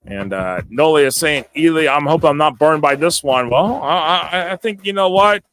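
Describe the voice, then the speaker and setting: An excitable male host of a live sports talk stream, with a slightly higher voice for a man. He stammers and repeats words, laughs often and chats back to his viewers. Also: moderate pace, a little hiss or hum.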